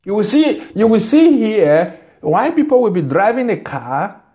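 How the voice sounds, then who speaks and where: Nigerian guy vlogging from home, kinda high voice, slow and rambly, keeps repeating himself. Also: very animated, warm tone. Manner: rambling, repeats words, emphatic. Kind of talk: casual monologue to camera. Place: his house.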